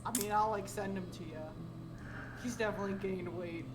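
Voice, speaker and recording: A woman's voice: mid-range voice, steady tone, brisk, background noise. A woman chatting on a game stream, mock-dramatic and swearing freely. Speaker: stream co-host. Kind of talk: casual chat and comic journal reading on a game stream.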